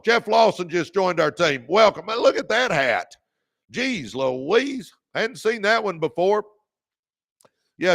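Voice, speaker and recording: This middle-aged podcast host is fired up on a motivational livestream, calling viewers "baby," thanking them by name and repeating key lines. His voice sits high with vocal fry and a fairly bright tone, and the studio recording is clean and dry.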